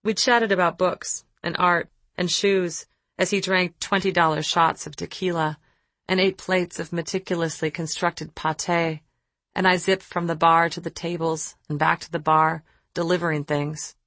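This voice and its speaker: A woman reading an advice letter and her reply aloud in a measured, reflective way. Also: lowish voice, little pitch movement, fairly bright tone, dry recording.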